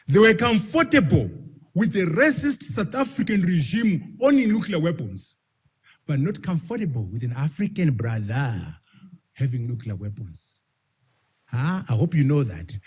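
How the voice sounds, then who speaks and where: A public forum speaker with a slightly high, husky voice and a darkish tone presses his points emphatically. Rhetorical questions go out to the audience while he repeats key phrases and stretches words for stress.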